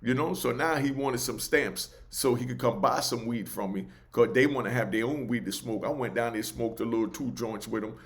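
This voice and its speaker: Animated storyteller. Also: male voice, medium pitch, fairly quick, few pauses. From New York. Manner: animated, loose, keeps asking "you know what I mean". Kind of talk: casual oral storytelling.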